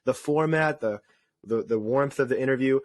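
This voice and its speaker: A man co-hosting a casual podcast, telling rambling, self-deprecating stories in an animated way. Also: medium pitch, normal speed. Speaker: podcast co-host. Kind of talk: casual chat.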